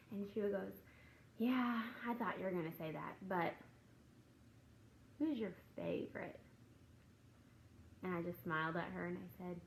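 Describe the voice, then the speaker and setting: Her voice is medium-pitched and gravelly, her speed normal, with slight background noise over a rough recording. A woman who teaches and hosts Christian videos, she delivers a relaxed devotional to camera, storytelling and playing out conversations from the classroom.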